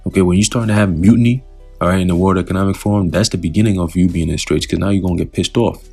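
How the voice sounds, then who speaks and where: A man's voice: low-pitched, fairly even intonation, very fast, vocal fry, mellow, slightly rough, faint music behind. A man teaching scripture in a loose, talkative way, often putting questions to the listener.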